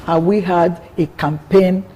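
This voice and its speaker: A woman's voice: fairly low pitch, fairly even intonation, measured pace, dark tone, breathy edge, low-quality recording. An older woman, a politician answering interview questions in an earnest way, often repeating words as she builds her point. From Nigeria.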